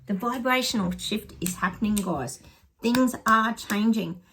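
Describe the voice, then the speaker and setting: A woman's voice: a little high, a little slow, fairly bright tone, a little hiss or hum. A middle-aged woman, a psychic, chatting casually to viewers while pulling tarot cards, rambling and laughing often. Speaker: psychic giving tarot predictions.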